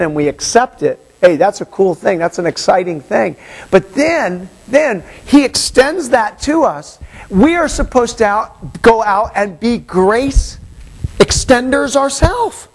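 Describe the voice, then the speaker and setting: A man's voice: high voice, a little slow, poor audio. A man preaching a sermon as a pastor, retelling a parable and acting out its characters' voices. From Hawaii. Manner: animated, acts out the parable's voices. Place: church.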